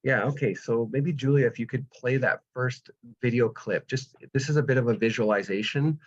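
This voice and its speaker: A man's voice: mid-range voice, normal speed. A man, explaining solar power step by step with patient analogies in a webinar over a video call. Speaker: solar energy presenter. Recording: dull lo-fi webinar audio.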